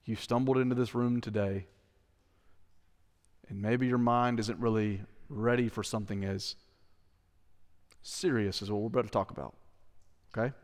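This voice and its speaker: A man's voice: lowish voice, steady tone, normal speed, long pauses, in a large hall. A male pastor preaching a sermon. He speaks earnestly and with emphasis, repeats key phrases and asks the congregation direct questions. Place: church sanctuary.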